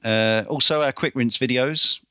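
A man hosting a casual podcast, briskly reeling off a list with dry little asides. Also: medium pitch, pushed and bright, clear, resonant tone, dry recording. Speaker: podcast host.

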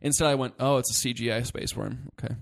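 A man co-hosting a casual movie discussion, talking in an animated, rambling way and swearing freely. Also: mid-range voice, fast talker, vocal fry. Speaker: podcast co-host.

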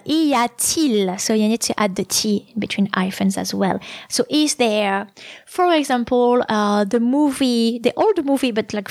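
A woman explaining grammar on her podcast, talking thoughtfully with many pauses and restarts. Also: on the high side, no room sound, studio quality. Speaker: French language podcast host.

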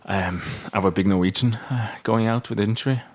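Norwegian guy on a pod panel, low voice, dry self-deprecating jokes. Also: normal speed. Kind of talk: casual chat.

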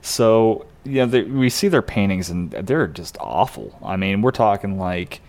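A man co-hosting a podcast, casually recapping a TV episode in a relaxed, explanatory way. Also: fairly low pitch, a little slow. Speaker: podcast co-host.

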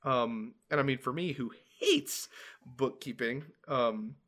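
A young man co-hosting a casual podcast chat, animated and laughing as he drops into silly character voices. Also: medium pitch, takes it slowly. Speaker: podcast co-host, dungeon master.

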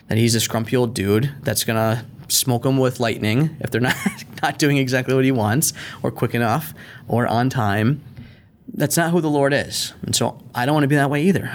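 A middle-aged man hosting a faith-based parenting podcast, earnest and animated, sometimes acting out an angry parent. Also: medium pitch, normal speed, slight background noise. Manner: earnest, animated, acts out yelling at his kids. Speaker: podcast host.

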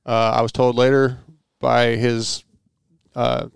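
A man's voice: mid-range voice, completely flat delivery, creaky, clean tone, no echo, studio quality. A man appearing as a podcast guest, chatting casually and poking fun at himself. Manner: quick, self-deprecating. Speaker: podcast guest, host of his own show. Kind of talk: casual chat.

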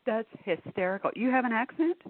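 A woman hosting a radio interview, enthusiastic and quick to laugh. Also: a little high, expressive, a little hiss or hum. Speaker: radio host. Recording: tinny phone-like sound.

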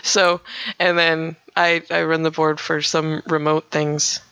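A woman's voice: low voice, flat delivery, slow pace, fairly bright tone, clear, resonant tone, no echo. A young woman who works as a radio DJ, from northern Minnesota, chatting casually and giggling as she acts out radio voices. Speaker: radio DJ and podcast guest. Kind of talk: casual interview chat.

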